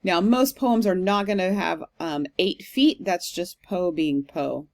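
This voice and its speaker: A woman, a literature instructor, giving a recorded online lecture in an explanatory, steady way with frequent ums. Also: fairly low pitch, measured pace.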